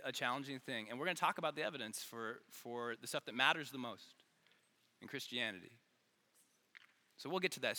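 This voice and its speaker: A man preaching an earnest, energetic youth sermon, repeating phrases for emphasis, in a large church hall. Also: a little high. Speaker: youth pastor. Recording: long hall reverb.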